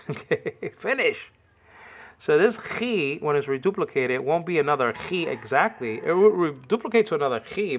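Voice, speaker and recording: A man's voice: mid-range voice, fairly bright tone. Chatty man teaching, saying okay a lot. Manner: peppers speech with "okay" and checks understanding; repeats words while correcting pronunciation. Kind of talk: informal language lesson.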